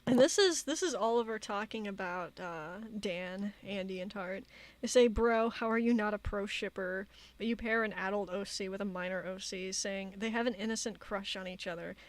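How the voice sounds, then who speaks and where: A woman streamer giving casual commentary, reading out chat logs in a halting way with many fillers. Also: medium pitch, no room sound. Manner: halting, many fillers, reads quotes flatly.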